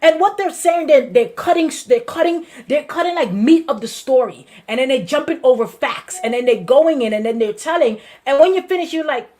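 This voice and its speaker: A woman pastor with a Brooklyn accent, hosting a weekly talk in an animated, conversational preaching style, often repeating her phrases. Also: sits high, brisk, hardly any pauses. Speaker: pastor and show host.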